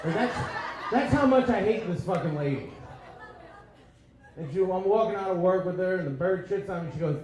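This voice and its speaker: A stand-up comedian with a high-sitting voice works a club stage into a handheld mic, talking fairly quickly but leaving long pauses. His set is crude and self-deprecating, and he riffs with the crowd in an echoey room full of audience laughter.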